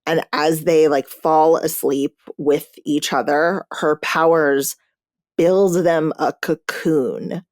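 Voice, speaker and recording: A woman with a lowish voice talks slowly and casually on a podcast mic, and the sound is dry and close. She hosts the chat, leans on "like" and breaks into laughs. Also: dry recording. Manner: animated, laughs often, says "like" a lot. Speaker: podcast host.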